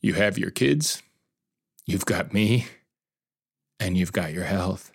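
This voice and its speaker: A man quietly voicing his loving wife, soft and reassuring. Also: deep voice, slow, creaky, slightly rough, no room sound, clean studio sound, full character voice. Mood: gentle. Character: gentle, loving wife comforting her husband.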